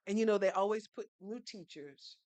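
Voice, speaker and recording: A woman's voice: mid-range voice, normal speed, a little mellow, no echo. A woman, speaking as a podcast guest who tells her story in an earnest, teaching way and poses rhetorical questions. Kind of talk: storytelling conversation.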